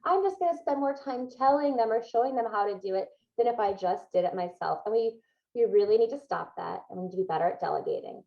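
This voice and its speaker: A woman's voice: on the high side, quick pace, creaky, highs cut off. A woman guest in a podcast interview giving advice in an upbeat, emphatic way, with frequent laughs.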